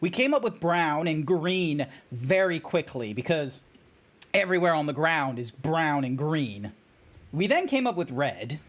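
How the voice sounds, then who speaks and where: An excitable young Australian man chats casually on a game stream, rambling from one bit of trivia to the next and laughing at his own jokes. His voice sits high for a man. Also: unhurried. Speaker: VTuber streamer.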